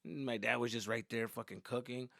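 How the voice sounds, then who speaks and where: A man who is a comedian and podcast host, telling stories in an animated, profane, casual way. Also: medium pitch, fairly quick, creaky, no room sound, studio quality. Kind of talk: comic storytelling.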